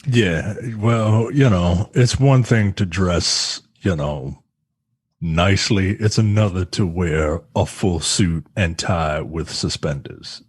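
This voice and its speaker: A man co-hosting a film podcast in casual chat, talking in halting, stammered restarts. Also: low voice, husky, no echo. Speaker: podcast co-host.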